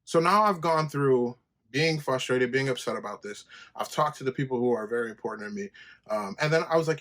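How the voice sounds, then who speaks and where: A man hosting his own podcast, telling a story in a loose, profane monologue and jumping high when he quotes himself. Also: lively intonation, brisk, fairly bright tone. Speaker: podcast host. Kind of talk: casual solo podcast monologue.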